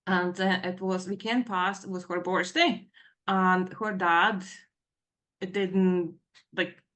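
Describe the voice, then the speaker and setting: A middle-aged woman giving a personal account in a Q&A session, talking in a halting, rambling way full of fillers and nervous emotion. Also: on the low side, fairly even intonation, fairly bright tone. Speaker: participant in a Q&A session.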